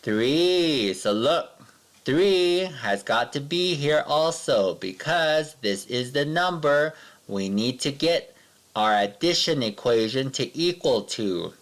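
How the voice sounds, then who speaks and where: A man teaching a math lesson to young children, patient and sing-song, counting along slowly with his pupils. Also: mid-range voice, lively intonation.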